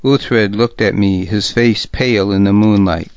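Slow, measured male audiobook narrator. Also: fairly low pitch, fairly even intonation, dry recording, lo-fi sound. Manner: measured, deliberate, gravely serious reading. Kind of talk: scripted first-person narration of a historical novel.

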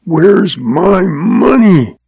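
A man voicing a greedy, suspicious banker who snarls and rasps his words. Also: high-pitched, very animated, extremely slow, dark tone, no room sound, voice pushed up, exaggerated voice. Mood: snarling. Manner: snarling, rasping. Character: greedy, suspicious middle-aged male banker.

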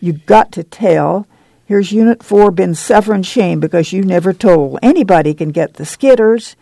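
A woman's voice: medium pitch, normal speed, gravelly, mellow, dry recording. A reader voicing a stern, commanding woman who leads a camp committee, in a folksy rural dialect.

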